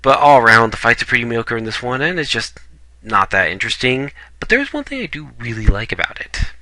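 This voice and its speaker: A man's voice: mid-range voice, sing-song, a little fast, sharp tone, poor audio. A man giving a blunt, opinionated ranking review in casual talk, swearing now and then. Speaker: video reviewer.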